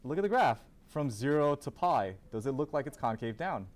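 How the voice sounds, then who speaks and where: In a classroom lecture, a man teaches calculus, posing questions to students, answering them himself, and repeating key terms. His mid-range voice swings widely in pitch at a normal speed.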